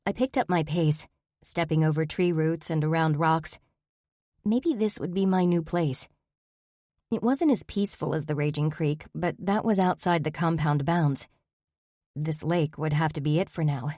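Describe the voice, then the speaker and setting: Audiobook narrator, woman, low-pitched, steady first-person reading. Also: moderate pace, dry recording, studio quality.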